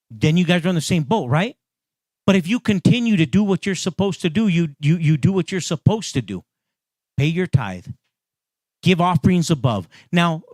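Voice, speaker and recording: A man preaches a sermon in a plain, conversational way, often restarting phrases and then pressing points with emphatic repeats. His voice sits somewhat high for a man. The sound is dry and close, with little room around it. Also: dry recording. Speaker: pastor.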